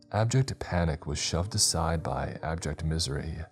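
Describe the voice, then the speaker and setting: A man narrating a scary story in a steady, measured storytelling manner. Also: extremely low pitch, faint music behind. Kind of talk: scripted horror narration.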